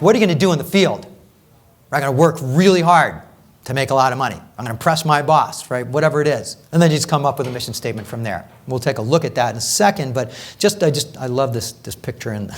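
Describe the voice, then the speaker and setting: A man's voice: medium pitch, lively intonation, fast. A man leading a live coaching workshop, talking energetically and conversationally, often checking in with "right?" and repeating phrases for emphasis.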